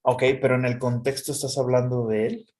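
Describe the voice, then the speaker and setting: A man's voice: mid-range voice, fast. Patient male English tutor. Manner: patient, relaxed teaching with frequent "okay". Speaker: online English teacher. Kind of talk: casual one-on-one lesson.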